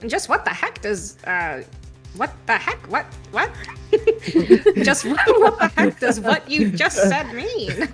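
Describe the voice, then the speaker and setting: Brash, stammering male cop, pitch swinging widely, read by a woman, game music under. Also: huge pitch swings, slow pace, heavily acted. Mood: indignant. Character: gruff loyal adult male police detective. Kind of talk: live fan reading of a game script.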